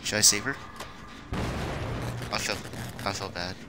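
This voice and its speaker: A man streaming a horror game with live commentary, excitable, swearing and yelling in panic. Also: lowish voice, unhurried, over music. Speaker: gameplay streamer.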